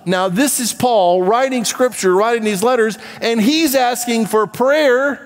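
Emphatic pastor preaching in a hall. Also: male voice, lively intonation, unhurried, hardly any pauses. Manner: emphatic, swings from low asides to raised exhortation. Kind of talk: sermon. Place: church.

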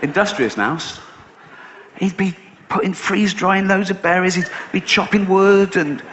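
A man's voice: high voice, a little slow, fairly bright tone, muffled recording, slight background noise. A middle-aged man doing a stand-up routine, telling a story sardonically and swearing casually. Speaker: stand-up comedian. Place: live stage show.

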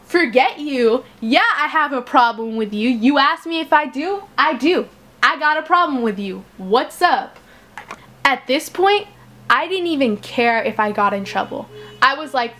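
A woman's voice: sits high, a little slow. Chatty teen girl telling a story. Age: teens. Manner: chatty, animated, retells quotes with exasperated emphasis. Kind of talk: casual storytime vlog.

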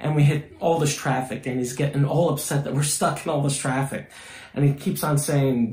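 A band member recounting tour anecdotes in a chatty documentary interview. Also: male voice, a little high, steady tone, normal speed, a little mellow, roomy sound.

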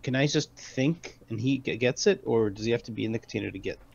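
A man's voice: medium pitch, fast, gravelly, slightly rough, dull audio. A man playing a tabletop game, asking hesitant rules questions in casual talk. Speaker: player.

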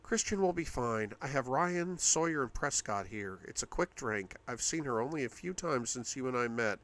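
A man's voice: mid-range voice, expressive, moderate pace, a bit bright, close to an everyday voice. A man voicing a playful teasing young woman.

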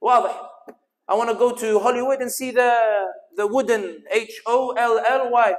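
High-voiced British man giving a rousing speech. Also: fairly even intonation, moderate pace, long reverb tail. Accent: London English. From United Kingdom. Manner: rousing rhetorical questions, then humorous storytelling. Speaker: guest speaker. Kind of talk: speech at a community dinner.

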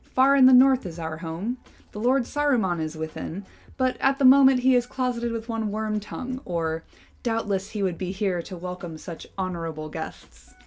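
A woman's voice: mid-range voice, moderate pace, darkish tone, lightly acted. A woman voicing a cheeky young male hobbit who speaks with grave, overly formal courtesy in a storybook reading. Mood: mock grave.

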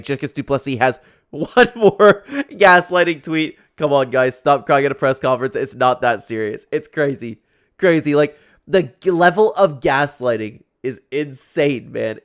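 A young man, a YouTube commentator, reacting to fight clips in casual chat, laughing often and filling his talk with "like". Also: mid-range voice. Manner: chatty, laughs often, lots of "like".

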